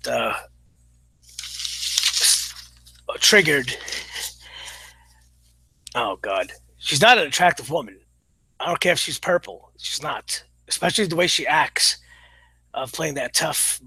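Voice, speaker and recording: Male reviewer, slightly high husky voice, halting delivery full of fillers, blunt. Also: pushed and bright, no room sound, low-quality recording. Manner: blunt, opinionated. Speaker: show reviewer. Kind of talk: casual spoken review.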